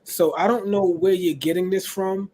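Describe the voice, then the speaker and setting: A man from Brooklyn speaks in a fairly high voice. He co-hosts a casual talk show and presses his points again and again. Faint ambient noise sits behind him. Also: fairly even intonation, moderate pace, dark tone. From Brooklyn, New York. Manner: emphatic, repeats points. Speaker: co-host.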